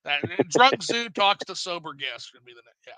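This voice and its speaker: A man's voice: high voice, big pitch swings, brisk, a crowd in the background, rough recording. A man hosting a casual live stream. He jokes around, swears freely, and talks with animation. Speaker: host.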